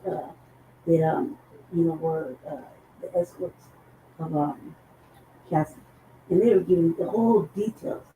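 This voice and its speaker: A woman co-hosting a casual talk show, hoarse from losing her voice, rambling and profane. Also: medium pitch, mellow. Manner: rambling, profane, laughs between thoughts. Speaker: co-host. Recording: echoey room with faint noise.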